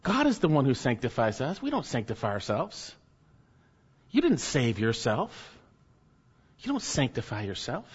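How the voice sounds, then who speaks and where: A man's voice: medium pitch, huge pitch swings, moderate pace, pauses often, husky, long reverb tail, lo-fi sound. A man preaching a sermon emphatically, swelling up and then dropping to near murmurs. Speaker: pastor.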